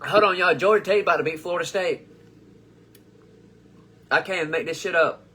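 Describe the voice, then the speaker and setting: A young man with a bright, forceful voice that sits a little high hosts a casual livestream. He reads viewers' comments aloud and riffs on them, rambling and swearing freely. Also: normal speed, breathy edge. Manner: rambling and profane, with frequent restarts. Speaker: comedian host of a live show.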